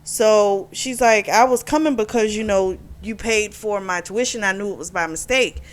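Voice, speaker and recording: A woman reviewing a romance novel chats casually, retelling the plot and acting out characters' lines with "she's like." Her voice is mid-range and her pace moderate.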